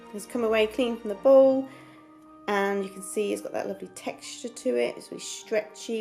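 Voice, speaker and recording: A woman's voice: a little high, gravelly, darkish tone. Chatty woman teaching home baking. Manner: encouraging, chatty, gets out of breath while kneading. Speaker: cooking show host. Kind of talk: home cooking demonstration.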